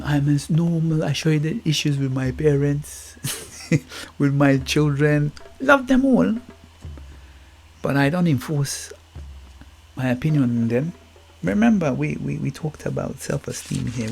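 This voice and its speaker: A man's voice: a little high, creaky, darkish tone, slight background noise. A middle-aged man from Guyana with a Guyanese Caribbean accent, hosting a reflective motivational podcast monologue, musing, repeating words and checking in with "you get me?". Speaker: podcast host. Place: England.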